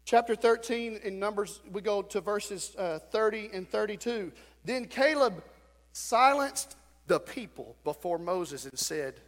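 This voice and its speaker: A man's voice: sits high, fairly bright tone. Man preaching in a reverberant church. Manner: emphatic preaching with repetition, acted-out quotes. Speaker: pastor. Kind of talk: sermon. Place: church sanctuary.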